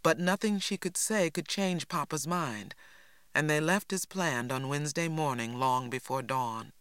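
A man's voice: fairly high pitch, unhurried, fairly bright tone, clear, resonant tone, dry recording. Man narrating an audiobook, dry sound. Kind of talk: scripted narration.

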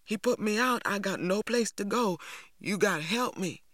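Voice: medium pitch, a little slow, fairly bright tone, no room sound, voice pushed up, natural voice. A reader voicing a frightened, injured teenage boy, pleading and stammering in a dry recording. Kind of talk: audiobook reading.

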